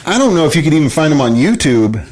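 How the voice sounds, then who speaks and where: A man's voice: fairly high pitch, very animated, quick pace, a little mellow. A man hosting a live internet radio show, chatting casually, laughing often and swearing freely. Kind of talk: casual chat.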